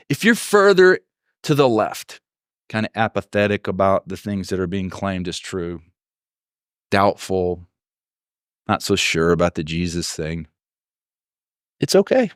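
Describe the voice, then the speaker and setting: A man's voice: mid-range voice, dry recording. Storytelling male pastor, dry sound. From Texas. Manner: storytelling, acts out quoted voices. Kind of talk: sermon.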